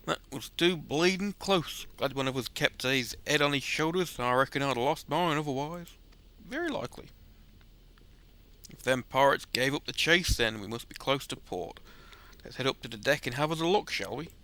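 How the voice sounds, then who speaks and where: A man voicing a gruff, chatty male sailor in a put-on rough seafaring accent, reading game dialogue aloud in character with a folksy drawl. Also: medium pitch, animated, moderate pace, sharp tone.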